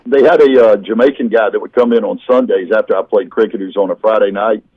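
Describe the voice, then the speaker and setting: A comedian guest on a video call, telling rambling, self-deprecating stories in casual chat. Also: male voice, on the low side, fast talker, slightly rough, no echo, dull audio.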